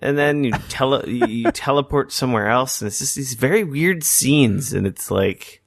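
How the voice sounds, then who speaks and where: A man's voice: mid-range voice, animated, normal speed, creaky, dry recording, studio quality. A man hosting a podcast in casual chat, rambling and swearing freely. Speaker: podcast host.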